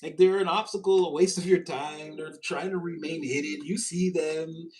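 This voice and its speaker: Animated high-voiced man reading tarot. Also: normal speed, a crowd in the background, rough recording. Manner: animated, laughing, breaks into high mocking voices. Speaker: tarot reader. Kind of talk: casual tarot reading to camera.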